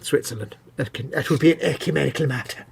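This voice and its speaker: A man's voice: mid-range voice, fast, vocal fry, slightly rough. A man co-hosting a casual live stream from a home workshop, joking and teasing his partner. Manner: jokey, teasing, chatty. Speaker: co-host.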